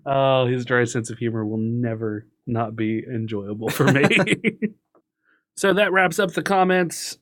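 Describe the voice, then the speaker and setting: A man's voice: medium pitch, measured pace, fairly bright tone. A man co-hosting a casual podcast, chatty and upbeat, who laughs easily. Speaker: podcast co-host. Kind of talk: casual chat.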